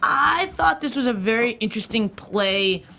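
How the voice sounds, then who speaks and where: A woman's voice: on the high side, lively intonation, moderate pace, creaky, pushed and bright, slight background noise. A woman chatting as a podcast panelist, rambling a little and restarting her sentences often. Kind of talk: casual podcast chat.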